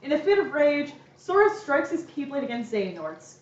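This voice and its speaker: At home, a young woman streamer casually recaps a game story, chatty and playful and laughing often, framed as a lecture. Her high voice swings widely in pitch at a normal pace. The room is echoey and the mic distant and dull.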